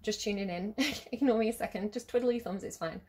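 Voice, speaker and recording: Woman tarot reader, casual, chatty, giggly, mid-pitched, lots of ums. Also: fast, darkish tone. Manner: chatty, giggly, rambling with many fillers.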